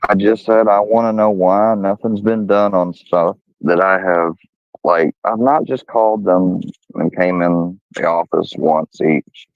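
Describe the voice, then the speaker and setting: A man with a lowish voice tells a story in casual talk, swearing freely and getting heated. The sound is dull and lo-fi, dry and close. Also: fairly even intonation, measured pace, no room sound. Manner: profane, heated, quotes others in a raised voice. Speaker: guest telling a story.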